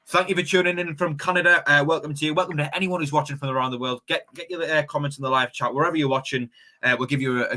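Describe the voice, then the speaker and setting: A young man hosts a football fan stream at a fast clip. His voice is bright and forward. He chats upbeat, trips over words and repeats himself as he reads out the live chat. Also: medium pitch. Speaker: fan channel host reading the live chat.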